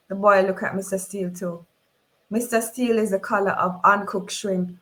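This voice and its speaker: A woman with a Jamaican accent reading a novel aloud in first person, expressive and dramatic. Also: medium pitch, moderate pace, rough recording. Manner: expressive, voices the characters in dialogue. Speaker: reader.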